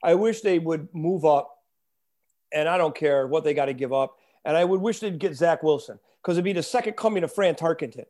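A man co-hosting a casual sports talk show, animated and keeping the segments organized. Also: on the high side, fairly quick. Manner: animated, runs the segments with a notebook. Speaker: podcast co-host.

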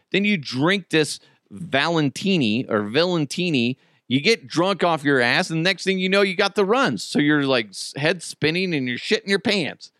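A man's voice: on the high side, sharp tone, dry recording, studio quality. A man hosting a comedy podcast, talking in a crude, joking, rambling way. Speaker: podcast host.

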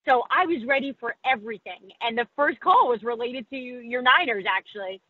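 A woman sports reporter speaks candidly in a podcast interview, making fun of herself and quoting people in put-on voices. Her fairly high voice is brisk, and the audio is narrow and tinny with no room sound.

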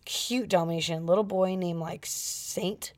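A woman's voice: lowish voice, fairly even intonation, slow, a crowd in the background. A woman co-hosting a podcast, telling stories in a chatty way, laughing often and saying "like" a lot. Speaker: podcast co-host. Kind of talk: casual chat.

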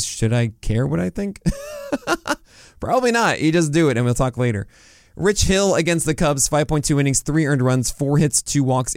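A man hosting a casual podcast, chatty and animated, rattling off stat lines with self-mocking asides. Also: medium pitch, no room sound, studio quality. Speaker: podcast host. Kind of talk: casual podcast talk on fantasy baseball.

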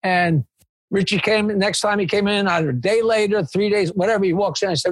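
An older man, a comedian telling a story in an interview, animated and digressive. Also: sits high, fairly quick, dry recording. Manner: animated, digressive storytelling with swearing and quoted voices. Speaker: comedian, guest.

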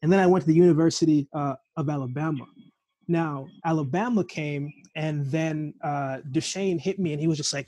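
A man's voice: fairly high pitch, normal speed, no room sound. A man hosting a casual conversation, telling stories full of quoted back-and-forth. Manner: storytelling with lots of quoted dialogue; animated storytelling. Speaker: podcast host.

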